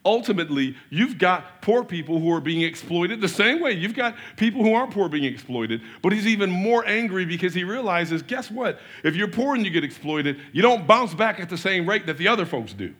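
A pastor preaching a sermon in an animated way, asking rhetorical questions and swinging between loud and soft. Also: male voice, high voice, brisk, few pauses, husky.

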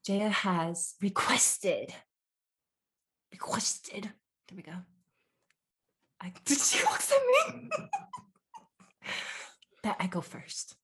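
Young woman podcast co-host, playful and jokey, husky and animated. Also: mid-range voice, extremely slow, pauses often. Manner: playful, jokey, laughs often. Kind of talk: casual chat.

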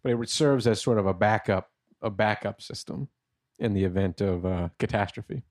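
Low-voiced man co-host, dry deadpan humor, close dry mic sound. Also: moderate pace, no echo. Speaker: podcast co-host. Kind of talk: casual chat.

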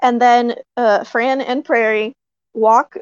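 A fairly high-voiced woman tells a casual story with eager excitement, breaking into laughs and filling pauses with ums and likes. She is a puppeteer. The recording sounds dry and a little dull. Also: smooth, dry recording. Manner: excited, laughing, many fillers.

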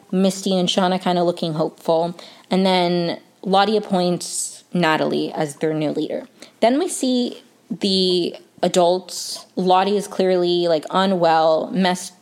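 Chatty woman with a lowish voice. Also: a little mellow. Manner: chatty, many fillers like "um" and "like". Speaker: TV recap vlogger. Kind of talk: casual episode recap.

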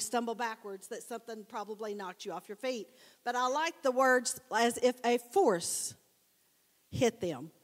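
A woman preacher giving a casual, animated sermon, telling the story conversationally and addressing the congregation as guys. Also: fairly high pitch. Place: church sanctuary. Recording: long church hall reverb.

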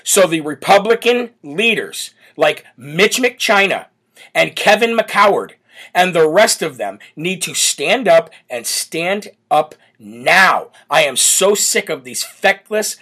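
A man's voice: high voice, pushed and bright. A man hosting a live political commentary show, brash and mocking, reading viewer comments aloud between rants. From United States. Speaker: political talk show host.

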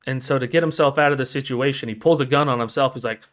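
A man co-hosting a casual podcast, retelling a movie scene with lots of energy. He breaks into squeaky high voices whenever he quotes a character, then drops back to his ordinary mid-range voice. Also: steady tone, racing, hardly any pauses, fairly bright tone. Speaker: podcast co-host. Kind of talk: casual chat.

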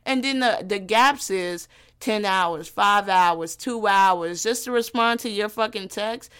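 A woman's voice: mid-range voice, clean tone. A young woman from Gary, Indiana, hosting her own podcast in a brash, profane, teasing comedic monologue. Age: young adult. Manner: brash, profane and animated, quick to tease. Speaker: podcast host.

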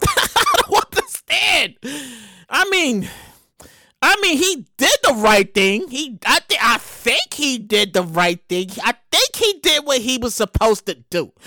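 A man hosting his own comedy show, reacting to odd news stories with loud exclamations, cursing and bursts of laughter. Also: very high-pitched, no room sound. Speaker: podcast host.

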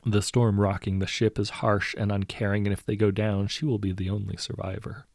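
A man softly narrating a story from a writing prompt in a hushed voice. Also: lowish voice, level tone, fairly quick, gravelly, no echo, studio quality.

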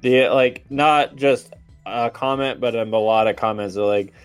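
A man's voice: medium pitch, measured pace, clean tone, no echo, faint music behind. A man co-hosting a casual football podcast, joking and sarcastic. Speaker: podcast co-host.

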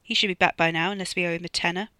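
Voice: mid-range voice, fairly even intonation, very fast, sharp tone, no room sound, natural voice. Narrator doing a sneering, menacing gunman. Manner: sneering, demanding. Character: menacing armed young man, suspicious and sneering. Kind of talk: audiobook reading.

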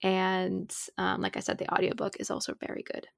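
A woman in her twenties co-hosts a podcast in casual chat, filling her speech with "like" and "um." Her mid-range voice is gravelly and monotone, and she talks a little fast. The recording is dry and studio quality.

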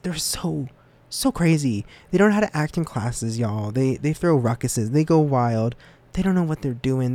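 A young man talks through a casual solo podcast episode in a loose, rambling way. He teases himself and often jumps up high in pitch, then drops back to his middle-range voice. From United States. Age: young adult. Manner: rambling and self-deprecating, with lively jumps in pitch. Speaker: student podcast host.

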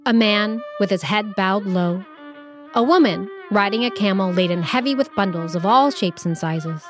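A woman narrates a children's story with lively, expressive delivery. Her voice sits at a middle pitch. Soft background music runs under the reading. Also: moderate pace. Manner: lively, expressive read-aloud.

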